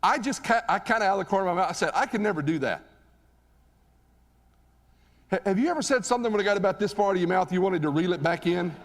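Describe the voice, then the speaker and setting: A man giving a live motivational speech on stage, telling a story in an animated, conversational way and asking the audience questions. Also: high voice, very fast, hardly any pauses. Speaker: motivational keynote speaker. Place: stage in a large hall. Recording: reverberant hall recording.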